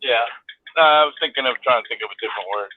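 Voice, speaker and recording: A man's voice: medium pitch, racing. A man chatting casually on a livestream while driving, laughing easily. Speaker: co-host on a livestream. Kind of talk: casual chat. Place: in a moving vehicle. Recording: tinny phone line with faint noise.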